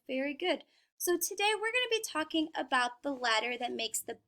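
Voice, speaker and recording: Woman, young adult, teacher, phonics lesson for kids, patient, encouraging, high voice. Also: animated, unhurried, pushed and bright.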